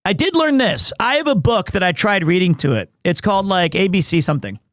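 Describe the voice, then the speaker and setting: A man live-streaming from home, chatting casually with his viewers in a rambling, excitable, self-deprecating way. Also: high voice, brisk, no room sound, studio quality.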